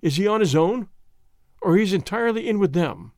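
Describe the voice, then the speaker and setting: A man reading a storybook, voicing a bold gentleman who speaks quickly and eagerly. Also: sits high, animated, no echo, studio quality, pitched above the performer's own voice. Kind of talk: audiobook character voice.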